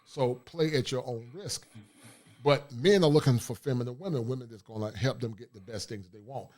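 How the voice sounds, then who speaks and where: A man's voice: mid-range voice, a little fast, darkish tone. Blunt streetwise man hosting a stream. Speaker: livestream host. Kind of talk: casual livestream talk.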